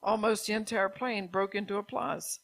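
A woman's voice: medium pitch, steady tone, normal speed, fairly bright tone, no echo. A woman giving an informal sermon, talking conversationally with many "you know"s and repeated words. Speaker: preacher.

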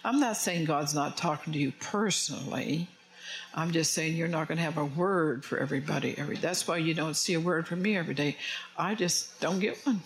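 A pastor with a slightly high, somewhat bright voice preaches a conversational sermon to his congregation in a church. He is chatty, cracking jokes and asking the congregation questions. The audio quality is poor.

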